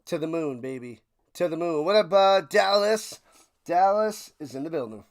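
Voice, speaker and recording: High-voiced excitable man ranting over football. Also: normal speed. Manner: excitable, swings from ranting shouts to low mutters; repeats himself while ranting. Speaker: watch party streamer. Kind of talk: live play-by-play and reaction commentary.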